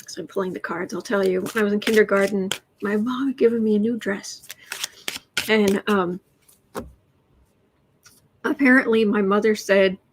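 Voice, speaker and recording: A woman's voice: mid-range voice, steady tone, normal speed, pauses often, slight background noise. A woman hosting a tarot livestream, chatting casually, telling anecdotes and reading out viewer comments. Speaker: tarot reader and livestream host.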